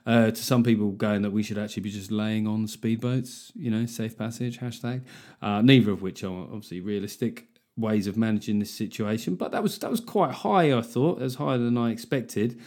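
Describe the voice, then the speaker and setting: A man's voice: medium pitch, a little mellow. A middle-aged man hosting a solo comedic podcast, sardonic and sweary, acting out mock exchanges as he talks. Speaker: podcast host.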